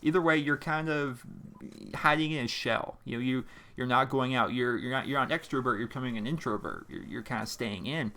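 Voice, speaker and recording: A man's voice: mid-range voice, a little fast, bright, forceful tone. A young man from Pennsylvania chats to camera from his home gaming setup. His talk is loose and rambling, full of fillers and restarts, as he answers viewer letters into a desk microphone. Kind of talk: casual to-camera chat. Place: home gaming room with a squeaky chair. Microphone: desk microphone in front of monitor.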